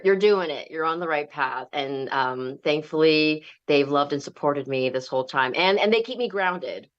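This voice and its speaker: Chatty woman on a dull, lo-fi line. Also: deep voice. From Los Angeles, USA. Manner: friendly and chatty, with many fillers and restarts. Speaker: guest actress. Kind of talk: interview answers.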